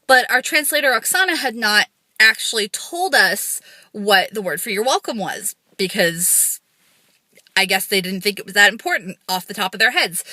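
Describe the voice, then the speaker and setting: A young adult woman telling quick stories in a casual, self-deprecating vlog, filmed on a phone camera. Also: medium pitch, pushed and bright, dry recording. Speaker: vlogger.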